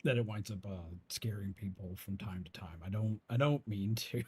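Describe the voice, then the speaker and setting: A man streaming a game in his natural voice, soft, low and slow, one that people call spooky, with a calm, hesitant way of talking. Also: a little hiss or hum. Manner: calm, slow and hesitant, with many restarts and small laughs. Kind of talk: casual chat while gaming.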